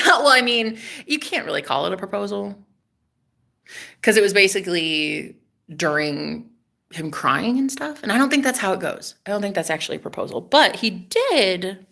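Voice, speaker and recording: A woman telling a story to camera in a casual vlog, chatty and dramatic, with frequent swearing, her voice dropping to a hush and then rising loud. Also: medium pitch, animated, normal speed, creaky. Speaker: vlogger.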